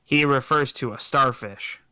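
A man's voice: medium pitch, measured pace, bright, forceful tone, clear, resonant tone, dry recording. A man co-hosting a casual podcast chat in a playful, teasing way. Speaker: podcast co-host.

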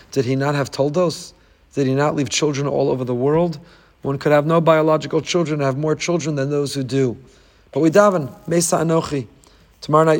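A man giving a sermon as a rabbi, moving between soft reflective passages and loud emphatic outbursts. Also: on the high side, long reverb tail. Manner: rises to loud emphatic outbursts when voicing scripture.

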